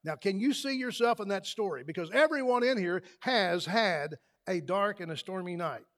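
Man, pastor, sermon, high-pitched voice, emphatic, loud peaks, church. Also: expressive, normal speed. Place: church sanctuary.

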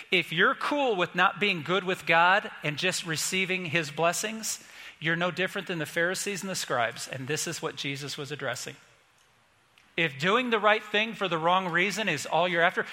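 A man's voice: fairly high pitch, sharp tone, big-room sound. A man from Indiana preaching a sermon as pastor, earnest and emphatic, repeating key phrases. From Indiana, USA. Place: church sanctuary.

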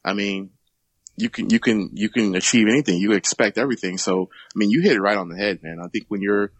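A man co-hosting a casual podcast about faith, relaxed, repeating himself and ending lines with man or dude. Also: fairly low pitch, quick pace, no echo. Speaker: podcast co-host.

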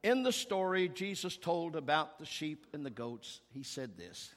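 A man preaching a sermon as pastor, earnest and emphatic, rising to strong peaks and falling to hushed tones. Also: on the high side, sing-song, a little slow, hardly any pauses. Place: church sanctuary. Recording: long reverb of a large hall.

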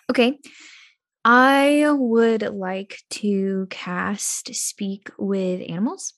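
A woman playing her character in a tabletop game, polite and gentle, often laughing. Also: medium pitch, slow pace. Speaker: player. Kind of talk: tabletop role-play.

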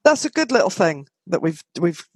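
A woman's voice: on the low side, big pitch swings, moderate pace, husky, no room sound. A woman hosting a podcast in casual chat, talking easily with trailing asides. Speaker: podcast host.

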